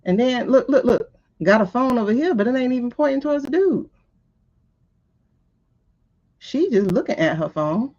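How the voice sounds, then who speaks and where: A woman's voice: fairly high pitch, lively intonation, a little fast, a little mellow. A woman hosting a live stream, giving casual, exasperated running commentary as she talks back to footage she is watching. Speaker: host of a live tarot stream. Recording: lo-fi stream audio.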